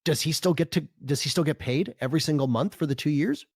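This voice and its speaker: Man, somewhat high pitch, reasoned, argumentative, dry sound. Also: fast talker, a little mellow, slightly rough, no room sound. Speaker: podcast co-host. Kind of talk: casual podcast discussion.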